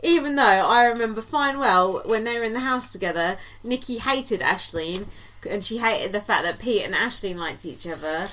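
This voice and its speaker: A woman's voice: medium pitch, normal speed, a bit bright. A woman co-hosting a podcast, recapping in a casual, chatty way with lots of ums and likes and giggly asides. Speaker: podcast co-host.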